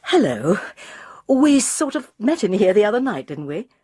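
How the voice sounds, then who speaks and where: A woman's voice: mid-range voice, very animated, normal speed, dark tone, husky, no echo, clean studio sound, pitched above the performer's own voice. A woman voicing a polite, hesitant woman who is an amateur detective. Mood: tentative.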